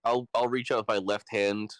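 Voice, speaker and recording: A man's voice: on the low side, flat delivery, moderate pace, dry recording. A man playing a tabletop game with a wry, skeptical manner. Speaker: player. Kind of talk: casual tabletop game chat.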